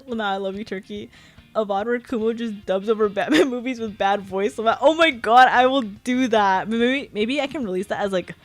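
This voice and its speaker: Young woman streamer rambling and giggling a lot, kinda high voice, soft music playing behind. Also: normal speed. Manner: giggly, rambling, laughs often; filler-heavy, frequent "like". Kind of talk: casual chat with chat readers.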